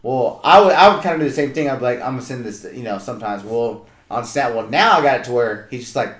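A man chatting casually on a podcast, telling lively work stories and swearing freely. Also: mid-range voice, quick pace. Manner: animated storytelling, swearing, mimics a coworker. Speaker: podcast co-host. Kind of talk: casual chat. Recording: echoey room.

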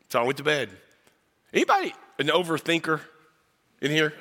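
A man's voice: fairly high pitch, expressive, a little fast, pushed and bright, big-room sound. A man from South Texas, preaching as a guest pastor and telling a personal story in a folksy way that jokes with the congregation. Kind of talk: storytelling sermon. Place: church sanctuary.

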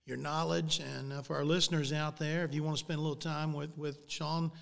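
Guy hosting a golf podcast, gravelly voice kinda high, long reverb in the room. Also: flat delivery, brisk. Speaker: podcast host. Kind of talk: casual interview.

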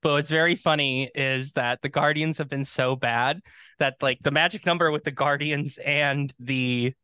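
A man chatting casually as a podcast co-host, his voice sitting a bit high. He laughs often and fills gaps with lots of "like" and "yeah", and the sound is dry and close. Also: steady tone, a little slow, sharp tone, clean tone, no echo. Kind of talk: casual chat.

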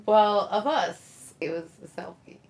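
Slow-talking woman telling a rambling story. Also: medium pitch, expressive, a little mellow. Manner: rambling anecdote full of likes and ums, laughing. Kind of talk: casual chat.

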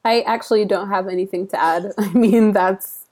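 A woman's voice: mid-range voice, fairly even intonation, normal speed, darkish tone. A young woman from Sudan co-hosting a podcast, chiming in with short, dry agreeing remarks. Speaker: podcast co-host. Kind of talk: casual chat.

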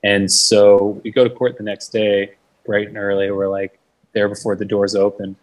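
This is a young man's low voice with little pitch movement, moving at a moderate pace as he tells a story as a guest in a casual interview. He curses freely, leans on "like," and performs the voices of people he quotes. A distant mic and poor audio.

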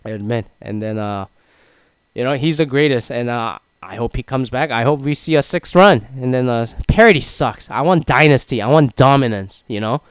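Young man, opinionated sports rant, lots of fillers, smooth clear voice, dry close sound. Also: mid-range voice, expressive, normal speed, dry recording, rough recording. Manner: rambling, filler-heavy, opinionated. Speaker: sports commentator. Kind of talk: casual monologue.

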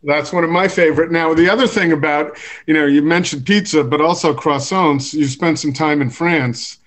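Man, podcast host, somewhat high-pitched, halting, lots of uh fillers. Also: fairly even intonation, a bit bright. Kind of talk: casual podcast interview.

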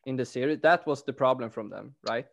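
A man's voice: mid-range voice, a little fast, gravelly. Laid-back male podcast host. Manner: laid-back, frequent affirming yeahs and laughs. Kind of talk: casual interview chat.

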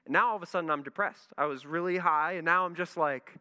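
A man, a pastor, telling a lively story in a sermon and acting out his own reactions. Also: a little high, quick pace, smooth. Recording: long reverb in a large hall.

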